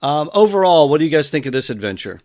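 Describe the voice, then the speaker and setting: A man's voice: a little high, sing-song, quick pace, a little mellow, no room sound, clean studio sound. A man hosting a podcast in casual chat, talking in an enthusiastic, rambling way. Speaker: podcast host.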